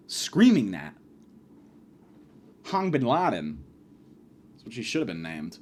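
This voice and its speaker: A man's voice: lowish voice, huge pitch swings, slow pace, pauses often, a little mellow. A young man giving a crude, rambling comedic rant about his college.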